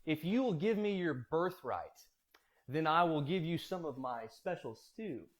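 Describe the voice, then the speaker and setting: A man voicing a sly, smooth-faced younger brother in a scheming tone. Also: on the high side, animated, a little slow.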